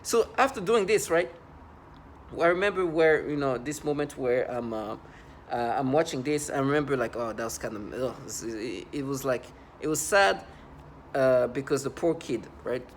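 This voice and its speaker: A man in his thirties giving a rambling, halting personal monologue to the camera in an aggrieved tone. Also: mid-range voice, a little hiss or hum.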